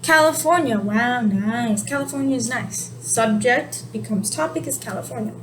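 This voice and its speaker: A woman explaining sign language in a casual video lesson, relaxed and explanatory, sometimes correcting herself. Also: sits high, normal speed, poor audio. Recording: steady background noise.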